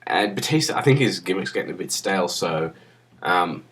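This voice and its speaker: A young man with a deep, low voice rambles off the cuff into his webcam. He sounds drunk and swears freely, his talk crude and unpolished. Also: expressive, brisk, fairly bright tone. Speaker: vlogger. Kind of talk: rambling casual monologue.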